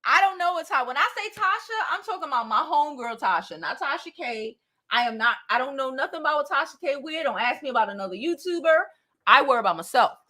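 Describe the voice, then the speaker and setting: A woman's voice: high-pitched, very animated, fast, bright, forceful tone. A woman in her forties hosting a beauty livestream, reading out comments and replying bluntly and directly, swearing freely. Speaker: beauty channel host.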